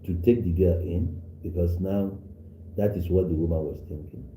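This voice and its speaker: Deep, dark-voiced man. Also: steady tone, normal speed, echoey room, a little hiss or hum, rough recording. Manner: mixes Igbo and English, scolds commenters. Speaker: live stream host. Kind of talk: live stream talk to viewers, retelling a story.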